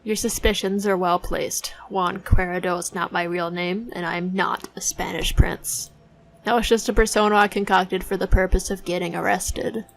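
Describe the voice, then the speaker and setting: A woman voicing a smooth, evasive male detective in disguise in a game, speaking in a suave, theatrical way. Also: fairly low pitch, fairly even intonation, moderate pace, soft background music, poor audio. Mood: calm. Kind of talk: voicing a visual novel let's play.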